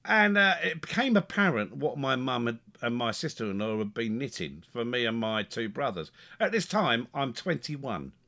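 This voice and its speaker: A man telling a funny family story in a casual podcast chat, animated and chuckling, stumbling over his words as he gets excited. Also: mid-range voice, moderate pace. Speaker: podcast co-host.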